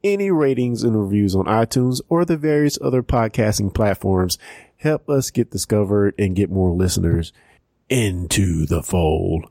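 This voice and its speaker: A man's voice: fairly low pitch, normal speed, warm tone, no room sound, studio quality. A man hosting a fan podcast, upbeat and chatty as he introduces guests and reads plugs. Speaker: podcast host. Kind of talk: casual podcast chat.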